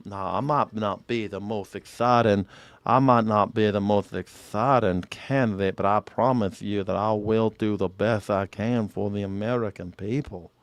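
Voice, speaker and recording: A man's voice: lowish voice, fairly even intonation, normal speed, no echo, close to an everyday voice. A man doing a drawling politician. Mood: earnest. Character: folksy soft-spoken Southern male politician, older.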